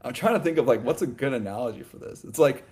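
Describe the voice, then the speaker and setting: A man co-hosting a sports podcast, talking in a loose, animated ramble full of "like" and "you know" and quick laughs. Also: mid-range voice. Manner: laughs often mid-sentence. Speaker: podcast co-host. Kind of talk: casual sports chat.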